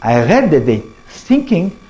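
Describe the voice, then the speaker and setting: An older man with an Israeli accent giving a lecture to an audience, in halting English, often restarting words and asking the listeners questions. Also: a little high, wildly swooping pitch, mellow, slightly rough, faint music behind, low-quality recording. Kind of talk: public talk to an audience.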